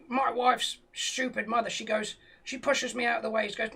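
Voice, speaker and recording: A man's voice: very high-pitched, little pitch movement, brisk, gravelly, hardly any pauses, pushed and bright, slightly rough. A British man telling a rambling, profane comic tall tale with a straight face on a live stream. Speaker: comedian telling a story.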